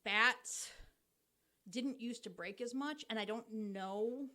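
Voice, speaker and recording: A woman's voice: a little high, takes it slowly, bright, forceful tone. A young woman co-hosting a casual podcast, explaining the game step by step with lots of ums. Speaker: podcast co-host explaining baseball.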